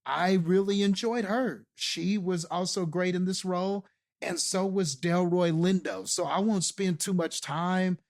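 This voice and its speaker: A man's voice: sits high, fairly even intonation, a little slow, a little mellow. A man co-hosting a casual movie review podcast, enthusiastic and rambling, with many fillers and restarts. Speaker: podcast co-host.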